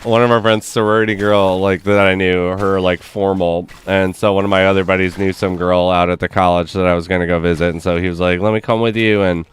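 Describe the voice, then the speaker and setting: Guy streaming, low voice, smooth, going on and on with 'like' every few words. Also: little pitch movement, a little fast, hardly any pauses. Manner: rambling, peppered with 'like'. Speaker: stream host. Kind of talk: casual storytelling on a livestream.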